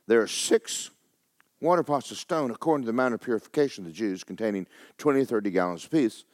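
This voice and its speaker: Man, preacher, folksy sermon storytelling, hushed then shouting, lively pitch, dry sound. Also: fast, no echo. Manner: animated storytelling, drops to hushed tones then builds to excited shouting.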